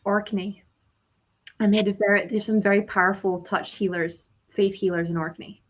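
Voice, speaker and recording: A woman's voice: mid-range voice, fairly even intonation, normal speed. Earnest chatty woman on a dull line. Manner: chatty, earnest, filler-heavy. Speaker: host, course teacher. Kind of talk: conversational interview.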